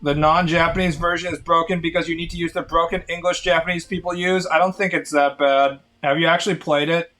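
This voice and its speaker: A man's voice: a little high, steady tone, fairly quick, few pauses, fairly bright tone, faint music behind. A man chatting casually on a live stream in a sardonic, rambling way.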